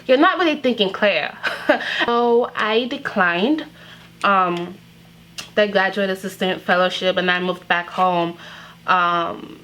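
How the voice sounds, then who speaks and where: The speaker is a Nigerian vlogger in her twenties whose voice is on the low side, bright and forceful. She speaks emotionally and candidly about personal matters, using fillers often, on a low-quality recording.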